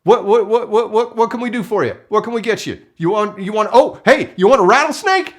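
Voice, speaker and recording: A man voicing a greasy, wild-haired junkyard man who talks loudly and repeats himself eagerly. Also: sits high, very animated, quick pace, voice pushed up, full character voice. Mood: pushy eager.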